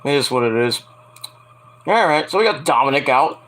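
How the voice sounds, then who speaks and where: A man with a high, bright voice talks through a wrestling show in loose, casual commentary. His pitch swings widely as he jokes, laughs and swears his way through the recap. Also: moderate pace, slight background noise. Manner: animated, laughing often, profane, playfully mocking.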